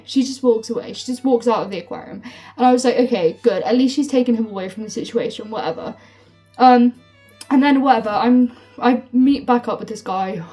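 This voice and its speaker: A young woman telling a storytime vlog, swearing freely and filling her talk with "like", heated and animated. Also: on the high side. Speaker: storytime vlogger. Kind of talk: casual storytime rant. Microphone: phone. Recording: phone mic from a distance with faint music.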